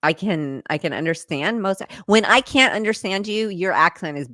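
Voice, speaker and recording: A woman's voice: on the low side, animated, normal speed, bright, forceful tone, no echo, studio quality. Candid, blunt woman co-host. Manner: candid, blunt, laughs often. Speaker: podcast co-host. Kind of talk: casual chat.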